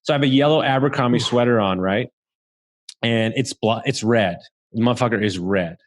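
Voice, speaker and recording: A man's voice: mid-range voice, fairly quick. A man from Southeast Texas telling a story as a podcast guest, talking casually, swearing freely and laughing as he goes.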